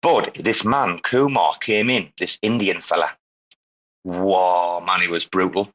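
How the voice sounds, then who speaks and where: A man's voice: low voice, fairly even intonation, a little slow, lo-fi sound. A man hosting a casual online voice chat, rambling and swearing freely, laughing often. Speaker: podcast host. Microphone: online audio chat.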